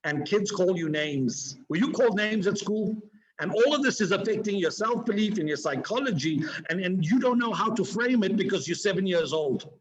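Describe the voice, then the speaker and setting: A man giving an energetic, preachy motivational talk to a live online audience, swinging his pitch and pace for emphasis. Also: normal speed, rough recording. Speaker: motivational speaker. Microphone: video call.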